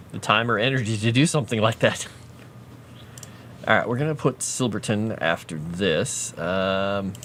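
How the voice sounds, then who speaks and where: A man's voice: lowish voice, fairly bright tone, slight background noise. A man casually chatting on a livestream while drawing a fantasy map, muttering to himself and cooing at his pet.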